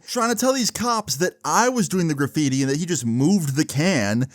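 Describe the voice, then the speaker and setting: Young male YouTuber, storytime vlog, animated, swears a lot, dry close sound. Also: a little high, normal speed, hardly any pauses, no echo.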